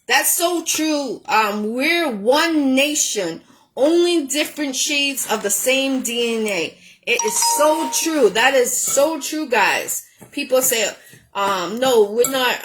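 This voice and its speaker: A woman's voice: a little high, fairly bright tone, a little hiss or hum, rough recording. A woman hosting a home cooking show, chatting in a rambling way with lots of ums while she cooks. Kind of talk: casual chat while cooking. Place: home kitchen.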